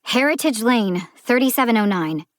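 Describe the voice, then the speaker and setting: A woman's voice: mid-range voice, slow pace, no room sound. A woman voicing a tired, anxious young woman stopped by a cop, speaking tensely and with growing fluster. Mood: pleading.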